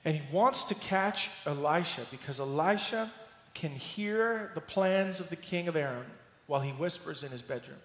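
Male pastor, sermon, lively storytelling with humor, high voice, echoey church hall. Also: normal speed. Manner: animated storytelling, acts out scenes with humor. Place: church sanctuary. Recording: roomy hall reverb.

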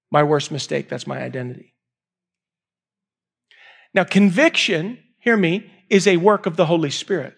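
Male pastor, high voice, emphatic sermon delivery with repeated points. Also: creaky. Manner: emphatic, repeats key lines, swings from raised to hushed.

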